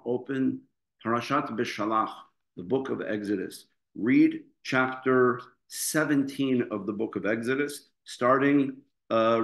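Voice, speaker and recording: A man speaking as a rabbi, giving an earnest memorial Torah lesson with emphatic rhetorical questions. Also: medium pitch. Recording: echoey room.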